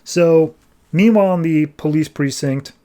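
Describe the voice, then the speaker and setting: A man's voice: fairly high pitch, measured pace, warm tone. Man casually recapping a comic. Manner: loose, conversational, lots of fillers. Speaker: comics podcast host.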